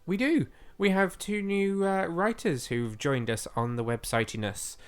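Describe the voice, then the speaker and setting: A man's voice: high voice, a little slow, smooth, soft background music. A man co-hosting a podcast, chatting eagerly with lots of fillers, his voice slightly going. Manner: chatty and enthusiastic, with frequent fillers. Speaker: podcast co-host. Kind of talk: casual podcast chat.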